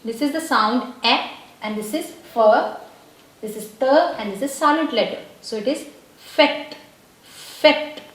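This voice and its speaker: A woman's voice: on the high side, moderate pace, a bit bright, very echoey, rough recording. A woman teaching a language lesson, patiently explaining and repeating words and checking in with her viewers. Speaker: French teacher.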